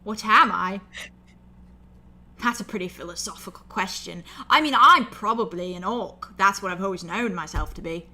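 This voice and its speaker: A woman's voice: mid-range voice, expressive, normal speed, sharp tone. A woman voicing a big, cheerful young male orc who is a jokester, in a tabletop role-play. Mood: friendly. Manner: friendly, joking, upbeat.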